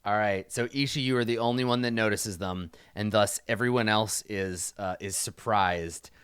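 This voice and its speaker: A man running a tabletop game as its game master, narrating scenes in a loose, relaxed way with many fillers and restarts. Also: lowish voice, moderate pace, smooth, no echo.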